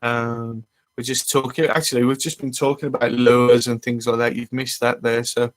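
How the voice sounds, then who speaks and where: A man's voice: mid-range voice, little pitch movement, moderate pace. A man hosting a fishing channel, chatting casually on a live stream and greeting viewers as they arrive.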